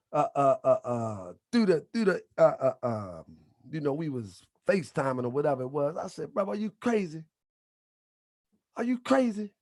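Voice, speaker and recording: Fiery high-voiced man preaching. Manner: fiery, shouting and repeating phrases; colloquial, drops into muttered asides. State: a little under the weather. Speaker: channel host. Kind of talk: impassioned preaching monologue.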